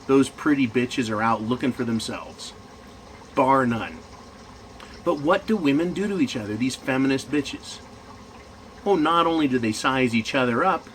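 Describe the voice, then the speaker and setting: A man's voice: on the high side, a bit bright, a little hiss or hum, low-quality recording. A man in management ranting crudely and mockingly in a profane monologue. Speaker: commentator.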